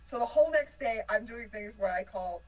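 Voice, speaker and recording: A woman from a touring band telling an animated story in a casual interview, laughing often and swinging between excitement and panic. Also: a little high, fairly quick, recorded from a distance, poor audio. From United States. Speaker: band member.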